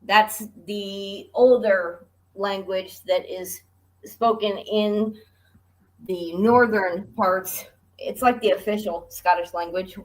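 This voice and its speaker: A woman's voice: medium pitch, steady tone, takes it slowly, a little hiss or hum, poor audio. A woman chatting casually on a livestream, easygoing and giggly, explaining things patiently.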